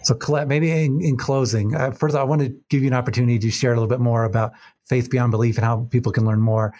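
A man hosts a podcast and poses measured, halting questions, often restarting mid-sentence. His voice sits at an ordinary pitch. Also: steady tone, mellow, slight background noise. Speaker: podcast host. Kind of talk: interview questions.

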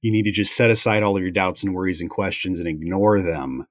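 A man with a very low voice explains scripture in a steady, measured way. The sound is dry and close, with no room echo. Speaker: Bible teacher. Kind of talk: conversational Bible discussion.

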